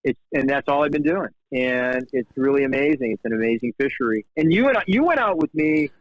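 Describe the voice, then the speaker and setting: A man's voice: a little fast, no echo. A man in his fifties, a fly fishing guide telling casual stories as a guest. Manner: animated, acts out quoted dialogue with big pitch jumps. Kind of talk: casual storytelling in conversation. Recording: dull, dry podcast audio.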